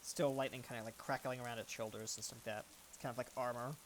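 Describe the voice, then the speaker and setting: A man's voice: medium pitch, fairly even intonation, fast, a little hiss or hum. A man narrating as game master of a tabletop game, casual and full of fillers. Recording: rain and thunder ambience.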